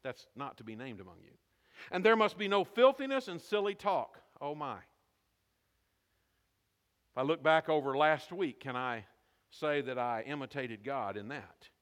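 A man's voice: medium pitch, animated, unhurried, pauses often, a bit bright, big-room sound. A man preaching a sermon as pastor, asking the congregation questions and calling for responses.

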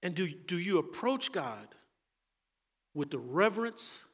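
A man preaching a sermon as pastor, earnest and emphatic, drawing out key phrases slowly. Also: high-pitched, very animated, fairly bright tone, big-room sound.

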